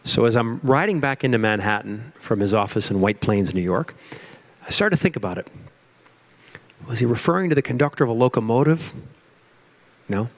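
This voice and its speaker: A man's voice: mid-range voice, expressive, a little fast, long pauses. A man giving a motivational keynote to an audience, with emphatic repetition and storytelling. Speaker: keynote speaker. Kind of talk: motivational speech.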